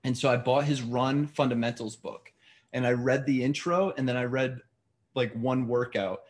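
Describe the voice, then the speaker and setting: A man from New York, a podcast guest telling rambling, animated stories in casual chat. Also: mid-range voice, normal speed.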